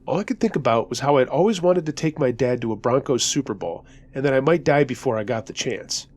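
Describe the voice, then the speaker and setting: A man's voice: medium pitch, expressive, a little fast, darkish tone. A man narrating a first-person scary story in a conversational, tense way.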